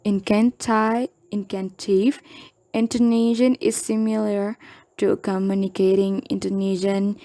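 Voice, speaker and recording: A woman's voice: medium pitch, mellow, no room sound. A young adult woman from Indonesia reading a class presentation as a university student, carefully saying each example word twice.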